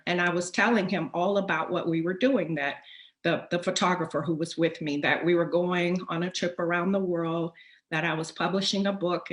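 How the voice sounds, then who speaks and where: A woman hosting a talk, telling a personal story in an animated, emphatic way. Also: on the low side. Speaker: host. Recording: roomy echo.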